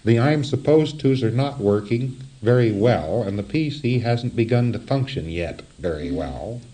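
A man giving a spoken lecture in an animated, wry way with chuckling asides. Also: mid-range voice, unhurried.

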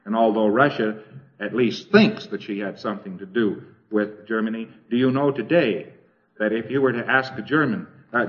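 A man's voice: on the low side, a little fast. A man giving an informal lecture in a wry, conversational way, often repeating phrases as he thinks aloud. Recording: dull lo-fi recording.

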